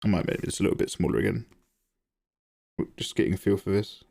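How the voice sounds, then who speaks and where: A man's voice: fast talker, vocal fry. A man hosting a live drawing stream, chatting casually and reacting to viewer messages, laughing often. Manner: chatty, animated, laughs often, jumps to high pitch when excited. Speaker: art livestream host. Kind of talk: casual chat while drawing, reading chat.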